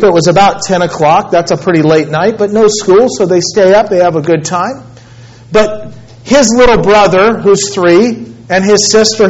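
Dynamic preaching man, lo-fi. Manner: dynamic preaching, swinging from loud pleading to low hushed tones. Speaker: pastor. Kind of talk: sermon. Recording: muffled lo-fi sermon recording.

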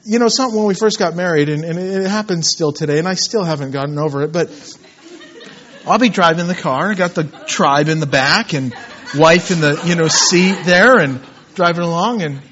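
Male preacher, thirties, sermon delivery, bright tense tone, muffled recording. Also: a little high, moderate pace, a little hiss or hum. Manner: animated storytelling, acts out scenes with shouts.

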